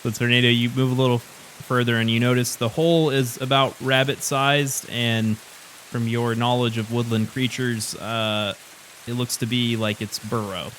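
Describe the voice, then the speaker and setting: A man narrating a tabletop role-playing game as dungeon master, playful and relaxed. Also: medium pitch, normal speed, a little hiss or hum.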